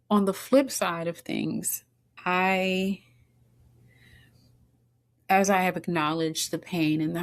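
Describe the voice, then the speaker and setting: A middle-aged woman speaks slowly, in a fairly low voice. She is earnest and halting and restarts her sentences often. At times she sounds tearful and choked up as she shares her story. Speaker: podcast guest. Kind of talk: personal storytelling interview.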